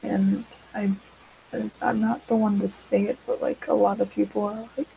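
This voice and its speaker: A woman's voice: medium pitch, flat delivery, moderate pace, gravelly, mellow, husky, poor audio. A teenage girl chatting casually while she draws, rambling with many fillers and side tracks. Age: teens. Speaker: vlogger.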